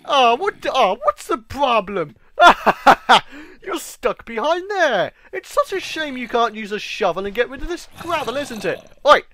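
A high-pitched British man with a bright, ringing voice narrates his game live. He chatters, jokes and yells at the creatures on screen, his pitch swooping all over as he reacts. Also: moderate pace, hardly any pauses, no echo. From Britain. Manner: excitable, yells and pleads at game mobs. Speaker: gaming channel host. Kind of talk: let's-play game commentary.

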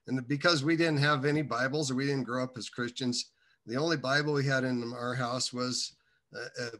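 Man, bright forceful tone, halting meandering testimony, casual storytelling. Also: medium pitch. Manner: halting, meandering delivery with many restarts. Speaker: guest telling his faith testimony.

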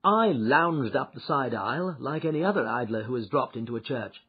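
A man reading an audiobook, voicing a shrewd male detective who recounts his adventure with lively, wry storytelling, on a dull lo-fi recording. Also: medium pitch, brisk, slightly rough, voice pushed down. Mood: amused.

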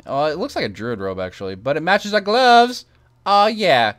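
A man's voice: high-pitched, huge pitch swings, measured pace, fairly bright tone, no echo, soft background music. A man hosting a gaming channel, chatting casually with sarcastic, rambling asides while playing. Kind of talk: casual let's-play commentary.

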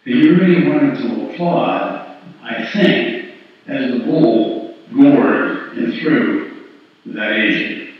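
A man's voice: medium pitch, expressive, slow, heavy reverb, big-room sound, distant mic, lo-fi sound. A male pastor preaching a sermon, telling a story and acting out the characters' lines. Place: church sanctuary.

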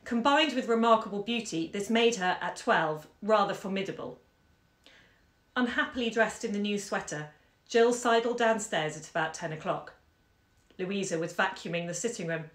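A woman bookseller reading a short story aloud on a live stream from home, measured and lively in the dialogue. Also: mid-range voice. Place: home during lockdown. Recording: echoey room.

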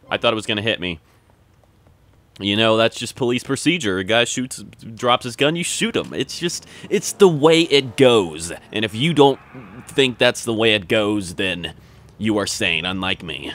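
A man joking his way through gameplay commentary, playing at police radio talk and getting excitable when things go wrong. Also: lowish voice, normal speed. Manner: jokey, rambling, mock police radio talk, excitable outbursts. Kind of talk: joking let's-play commentary.

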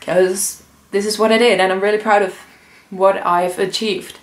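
Young woman vlogger, heartfelt and halting, mid-range pitch, echoey room. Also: steady tone. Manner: emotional, earnest, many fillers and restarts. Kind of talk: personal vlog storytelling. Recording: roomy echo.

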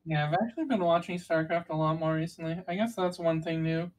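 Brief: woman with a lower voice, co-host who walks through game strategy in loose, meandering detail. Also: fairly even intonation, a little fast, darkish tone, poor audio. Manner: rambling, detailed explainer with restarts. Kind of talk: casual gaming chat.

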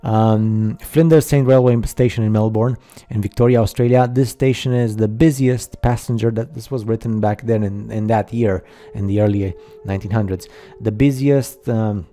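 Halting skeptical man, dark voice. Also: lowish voice, fairly even intonation. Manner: halting, skeptical, many fillers. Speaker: video narrator. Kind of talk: casual voice-over over slideshow.

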